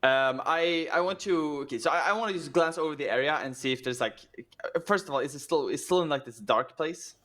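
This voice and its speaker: A man's voice: on the high side, fast, few pauses, a bit bright. A man taking part in a tabletop role-playing game, talking hesitantly with lots of fillers. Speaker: player. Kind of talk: casual tabletop play.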